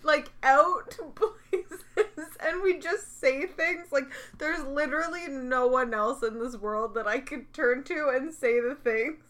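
A woman's voice: sits high, slow, hardly any pauses, fairly bright tone. A young woman in casual chat with a close friend, playful and laughing often. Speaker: co-host.

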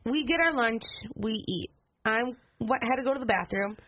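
A woman's voice: on the high side, lively intonation, normal speed. A young woman telling a family story with exasperation, in casual chat on a family podcast. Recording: dull muffled sound with faint hiss.

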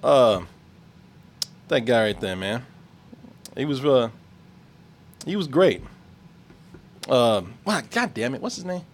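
A man's voice: mid-range voice, animated, slow, pauses often. A man hosting a podcast in loose, profane casual chat, laughing often. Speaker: podcast host.

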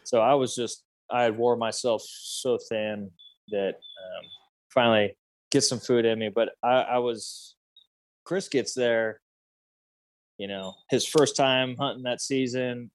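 A man's voice: mid-range voice, dry recording. A man in his thirties casually telling a hunting story, rambling with many fillers and restarts. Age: 30s.

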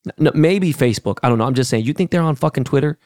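A middle-aged man from Los Angeles, California, hosts a podcast and goes on a casual rant that is blunt, profane and heated. His mid-range voice is expressive, slightly mellow and very fast. The studio sound is clean, with no room sound.

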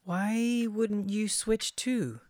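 A woman in an audio drama, playing a calm, reasoning witch. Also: mid-range voice, extremely slow, dry recording.

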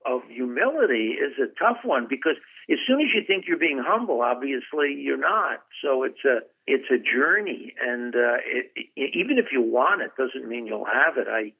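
Older man with a gravelly phone voice. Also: mid-range voice, big pitch swings, moderate pace. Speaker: author guest. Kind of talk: reflective storytelling interview. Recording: tinny phone line.

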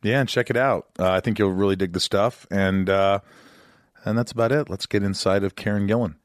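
A middle-aged man from the United States hosts a podcast in a casual, joking tone. His voice sits on the low side. The sound is dry and close to the mic. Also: fairly quick, no echo. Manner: joking, self-deprecating, animated. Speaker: podcast host. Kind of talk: casual interview chat.

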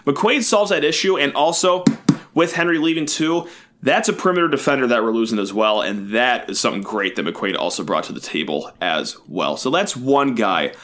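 A man co-hosting a casual sports podcast, animated and self-mocking, with his voice jumping up and down as he riffs. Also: normal speed. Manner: animated and self-mocking, with big pitch swings. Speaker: podcast co-host.

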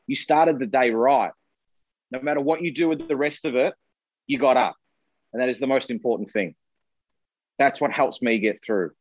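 A man talks openly and earnestly as an interview guest, his voice at a middling pitch and plainly conversational. He swears casually. The recording is dull and lo-fi, with a dry, close sound and no room to speak of. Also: moderate pace, dry recording. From Australia. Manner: open, earnest, swears freely. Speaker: guest, musician. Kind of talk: candid interview talk.

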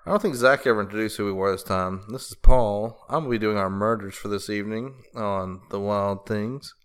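A man's voice: on the low side, fairly quick, hardly any pauses, clear, resonant tone. A man co-hosting a podcast in casual chat, rambling through a story with crude jokes and laughter. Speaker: podcast co-host.

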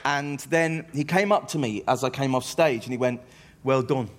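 Comic, self-deprecating, rambly anecdotes, middle pitch. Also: male voice, normal speed. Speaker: comedian guest. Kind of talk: anecdotal interview chat.

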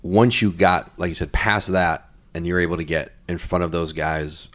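Deep-voiced guy hosting a pod, asks long wandering questions. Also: moderate pace, fairly bright tone. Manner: probing, rambling questions. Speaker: podcast host and interviewer. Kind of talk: conversational interview questions.

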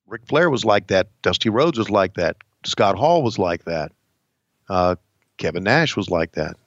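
Halting man with a dull lo-fi sound. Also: sits low, very animated, dry recording. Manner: halting, many fillers and restarts. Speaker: podcast host, wrestling announcer. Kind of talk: casual chat.

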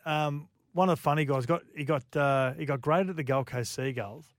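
Australian man, higher-pitched voice, dry close studio sound, relaxed sports radio chat, yarn-spinning host. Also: moderate pace, no echo. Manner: storytelling, reading out listener texts.

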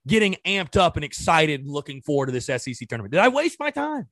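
A man hosts a sports talk show and rants in exasperation, throwing out question after question. His voice sits high and swings widely in pitch as he works himself up. The sound is dry and close, with no room around it. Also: big pitch swings, moderate pace, a bit bright, no room sound. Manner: exasperated, ranting with rhetorical questions. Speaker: sports podcast host. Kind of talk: casual sports commentary.

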